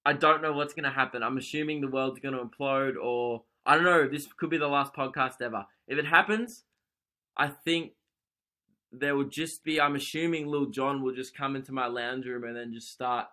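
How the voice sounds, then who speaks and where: Bright-voiced comic rambling solo. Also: male voice, medium pitch, normal speed. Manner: rambling, animated, laughing at his own jokes. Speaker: podcast host, comedian. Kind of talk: solo comedic monologue.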